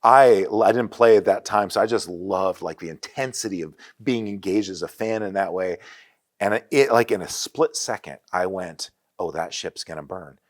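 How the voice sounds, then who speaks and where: A man in his forties preaching a sermon in a church, telling stories in an animated way with frequent restarts. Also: fairly low pitch, normal speed. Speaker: pastor. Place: church sanctuary.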